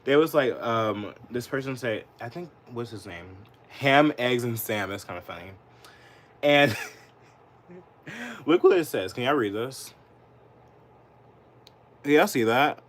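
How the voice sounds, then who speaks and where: Brief: indignant male streamer ranting live, profane and rambling, mid-pitched with a lively, swinging delivery. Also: slow pace, long pauses, a little hiss or hum. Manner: profane, rambling, heavy use of "like"; gets heated and indignant. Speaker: political livestreamer. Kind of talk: live political commentary.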